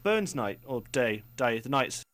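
A man's voice: medium pitch, very animated, measured pace, fairly bright tone. A young man co-hosting a student radio show, rambling and self-mocking in casual banter. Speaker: radio co-host. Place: radio studio.

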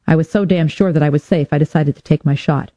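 Wry deadpan woman narrating a hardboiled story. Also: sits low, quick pace, no echo. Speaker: audiobook narrator. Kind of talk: first-person hardboiled narration. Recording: dull, dry lo-fi recording.

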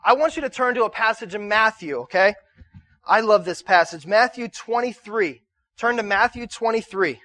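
Speaking at a moderate pace in a high, bright and forceful voice, this man preaches as a pastor on a dry recording. His sermon is conversational, full of call-and-response questions to the congregation, and he frequently repeats words when starting over.

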